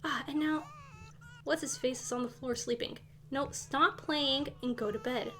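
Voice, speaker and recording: A woman's voice: sits high, fairly even intonation, normal speed, bright, forceful tone, slight background noise. A woman streaming a game, casually chatting, exasperated and swearing as she scolds the characters. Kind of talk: casual live gameplay chat.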